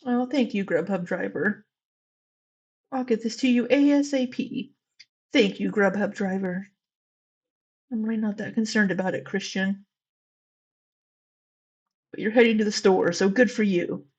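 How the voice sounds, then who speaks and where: Husky-voiced woman chatting to her chat. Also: mid-range voice, unhurried, long pauses, darkish tone, dull audio. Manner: chatty, teasing, swears, talks to viewers. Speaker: livestream reaction host. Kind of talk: casual live reaction chat.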